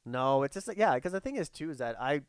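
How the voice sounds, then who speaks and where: Fast-talking man telling a rowdy story. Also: medium pitch, big pitch swings, clean tone, no room sound. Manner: rambling, lots of restarts and quoted dialogue, swears. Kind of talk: casual chat, storytelling.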